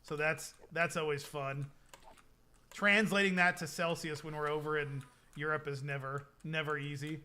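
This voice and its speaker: A man's voice: a little high, steady tone, normal speed, sharp tone, a little hiss or hum. A young man chatting casually with his stream chat, rambling with lots of fillers. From United States.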